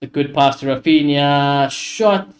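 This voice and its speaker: This man's voice runs a little higher than the typical male voice, and he takes it slowly while streaming a live football watchalong. Fired up, he narrates the play, curses freely and airs his frustration to his chat.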